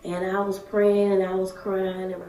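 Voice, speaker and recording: A woman, telling her own story in halting, emotional short phrases. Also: medium pitch, completely flat delivery. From Alabama, USA. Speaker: daycare worker sharing her story. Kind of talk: personal testimony. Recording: echoey room, distant mic, soft music.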